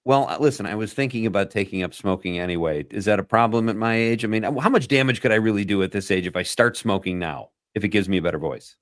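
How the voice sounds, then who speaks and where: A man's voice: lowish voice, fast talker, few pauses, dry recording, clean studio sound. A man hosting a radio talk show, chatting casually and playfully, joking with his guest. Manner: playful, joking, laughs easily.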